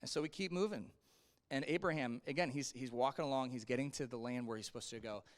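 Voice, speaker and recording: A man teaching a casual Sunday school Bible lesson, conversational and animated, swinging his voice up and down as he acts out quotes and drops asides to the class. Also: mid-range voice, quick pace.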